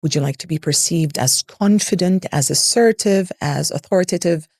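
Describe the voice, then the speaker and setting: A woman's voice: fairly low pitch, moderate pace, darkish tone, no echo, studio quality. A woman voice coach explaining ideas in an interview, in an instructive way that uses lists and rhetorical questions. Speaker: voice and public speaking coach.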